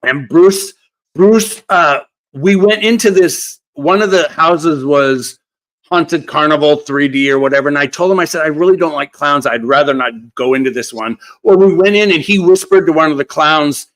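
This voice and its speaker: A man hosts a casual live-stream Q&A about crafting. His voice sits a little higher than most men's, and he talks animatedly, laughing as he winds through stories. It sounds like a home webcam setup. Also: moderate pace, fairly bright tone, rough recording.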